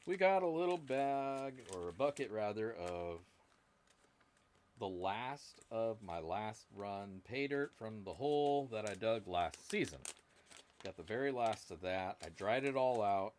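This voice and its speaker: A man's voice: on the low side, animated, measured pace, darkish tone, slight background noise. A man hosting a casual live stream, joking and rambling to his viewers while he works at a workbench. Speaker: live-stream host prospecting for gold. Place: indoor workbench.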